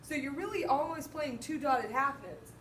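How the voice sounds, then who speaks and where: A woman teaching a band lesson, counting beats out loud and singing the rhythms as she walks through the parts. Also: high-pitched, animated, normal speed. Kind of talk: music lesson walkthrough. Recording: roomy, distant mic, faint noise.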